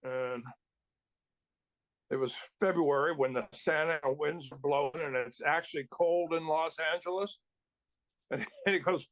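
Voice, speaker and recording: A man's voice: a little high, moderate pace, fairly bright tone, no room sound. A male actor telling rambling anecdotes in casual chat, with restarts and chuckles. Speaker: actor guest.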